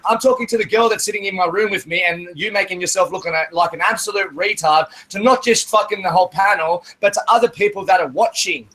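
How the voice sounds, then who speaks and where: Man, high pitch, bright, aggrieved, accusatory, run-on sentences, voice chat. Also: fast, few pauses, poor audio. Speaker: voice chat room participant. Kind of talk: heated online argument.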